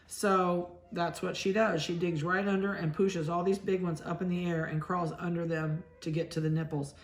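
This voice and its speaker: Woman breeder chatting, cooing soft at the pups, kinda low pitched. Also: steady tone, moderate pace, few pauses. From Ohio. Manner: chatty, talks softly to the puppies. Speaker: dog breeder. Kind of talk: casual narration while handling puppies.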